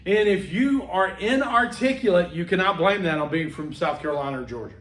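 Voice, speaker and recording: A man's voice: high-pitched, expressive, fairly quick, a bit bright. A man giving a classroom lecture in a conversational way, acting out bits of dialogue and checking in with frequent okays, heard in an echoey room from a distant mic. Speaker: college instructor.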